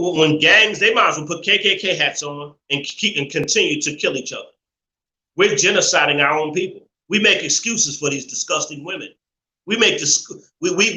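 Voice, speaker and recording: Man ranting preachily, bright and echoey. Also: sits high. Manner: preachy, repetitive, emphatic, swears freely. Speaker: live show host. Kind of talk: ranting live-stream monologue. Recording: roomy echo.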